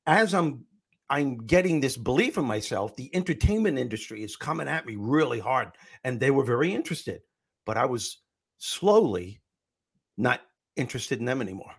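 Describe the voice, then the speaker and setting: A middle-aged man with a husky voice and an ordinary pitch, a comedian telling animated stories in an interview. He acts out the lines he quotes. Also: normal speed. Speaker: comedian and motivational speaker guest. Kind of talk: storytelling interview answer.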